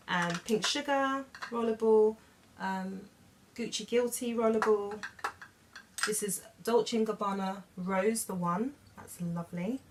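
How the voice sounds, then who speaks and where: A beauty vlogger talks casually to camera from her bed at home, gushing about perfumes and often trailing off mid-sentence. Her voice is medium-pitched, and there's a little hiss or hum.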